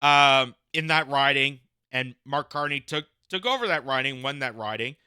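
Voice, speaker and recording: Sharp-voiced, combative male commentator. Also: medium pitch, lively intonation, moderate pace, clean tone, no room sound, studio quality. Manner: combative, repeats phrases for emphasis. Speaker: political commentator. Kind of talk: reading news aloud with opinionated commentary.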